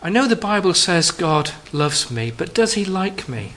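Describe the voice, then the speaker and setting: A man preaching a sermon to a congregation, addressing them as friends, rising for emphasis and dropping soft and low on key phrases. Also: sing-song, unhurried, low-quality recording.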